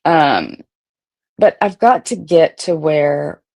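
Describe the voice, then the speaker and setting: A woman's voice: low-pitched, big pitch swings, slow, vocal fry, darkish tone. A woman in her thirties, a streamer, reading out old text messages in a blunt, profane, sarcastic rant. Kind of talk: casual ranting commentary.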